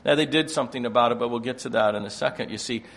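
An older man preaching a sermon, moving between quiet explanation and loud, emphatic passages. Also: medium pitch, very fast.

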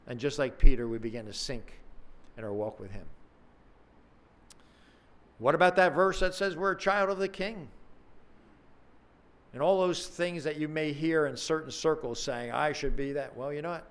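Higher-pitched man preaching earnestly. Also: moderate pace, pauses often, fairly bright tone. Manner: earnest, conversational preaching with dramatic emphasis. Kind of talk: sermon.

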